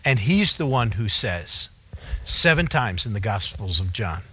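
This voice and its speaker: A man's voice: on the low side, sing-song, measured pace, bright, forceful tone, a little hiss or hum. A male pastor preaching a sermon and leading a prayer, earnest, with emphatic repetition.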